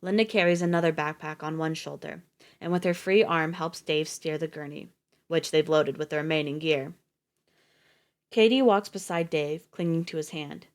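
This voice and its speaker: A woman narrating a story in a steady, even reading voice. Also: low-pitched, normal speed. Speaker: audiobook reader on a livestream.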